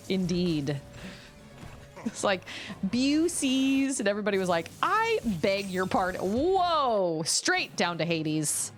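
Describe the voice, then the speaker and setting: A gaming streamer keeps up a rambling, exclamatory chat while she plays, her medium-pitched voice a bit bright.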